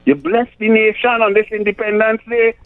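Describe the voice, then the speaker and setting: A man's voice: sits high, completely flat delivery, moderate pace, a crowd in the background. A middle-aged man with a Trinidadian accent, hosting a talk radio show and giving emphatic political commentary, often stumbling over numbers. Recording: tinny phone-like radio sound.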